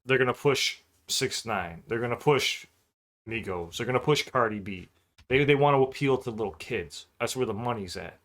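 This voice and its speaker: Host for a rap reaction clip: a man with a mid-range voice, excitable and foul-mouthed, unpacking lyrics as he goes. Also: medium pitch, moderate pace. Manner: excitable, profane, breaks down lyrics line by line. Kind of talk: casual reaction commentary.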